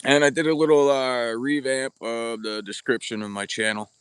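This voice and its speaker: Man, casual live-stream chat, blunt and chatty, mid-pitched voice, dry close sound, outdoors on a camera mic. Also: steady tone, normal speed, a bit bright, smooth, no room sound. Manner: chatty, greets viewers by name, blunt and informal. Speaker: bowhunting livestream host. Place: outdoors at an archery practice spot. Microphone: camera or phone mic without external microphone.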